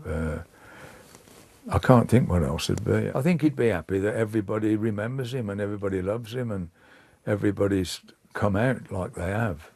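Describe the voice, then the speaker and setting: An older man, giving a hesitant, halting interview and often repeating words. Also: lowish voice, creaky, a little mellow. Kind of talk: reflective casual interview.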